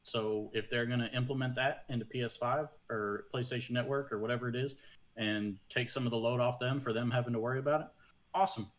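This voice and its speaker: A man's voice: mid-range voice, steady tone, fast. Opinionated man on a casual panel. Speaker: podcast panelist.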